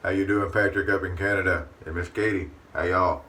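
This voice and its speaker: This shaving-channel host speaks briskly in a low, bright, forceful voice with a steady tone. He chats casually to the camera from his bathroom in a folksy manner, referring to himself in the third person, recorded by a far-off mic with faint room noise.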